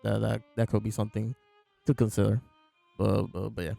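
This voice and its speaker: This comic-chapter reviewer has a lowish, creaky, dark-toned voice that stays level and runs a little fast. He casually recounts scenes, voicing the characters' lines himself, with faint background music underneath.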